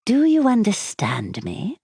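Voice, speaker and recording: A woman voicing a cold, manipulative glamorous novelist, silky on the surface with a sharp, commanding edge. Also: medium pitch, wildly swooping pitch, slow, vocal fry, slightly rough, no room sound, studio quality, pitched above the performer's own voice, full character voice.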